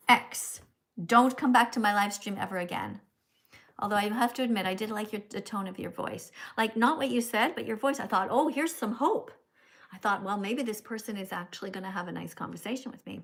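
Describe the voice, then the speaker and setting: A woman's voice: on the high side, fairly bright tone. A woman hosting a live stream, chatting casually and lecturing her viewers in a scolding, preachy way, often ending lines with "okay?". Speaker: livestream host. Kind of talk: casual livestream chat and lecturing.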